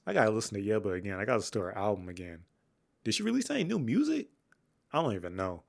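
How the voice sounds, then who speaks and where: Gravelly young man casually reviewing an album. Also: rapid-fire. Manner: candid, slangy, rambling with frequent fillers and restarts; swings between flat mutters and excited highs. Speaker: music reviewer.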